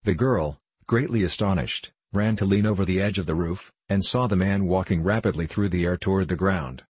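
A man reading a children's storybook aloud in a steady, even voice. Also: sits low, moderate pace, breathy edge, no echo. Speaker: audiobook narrator. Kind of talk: storybook narration.

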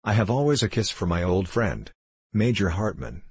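A man voicing a gentle, soft-spoken young woman in a storybook reading. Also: sits low, big pitch swings, normal speed, slightly rough, no echo, exaggerated voice. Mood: warm.

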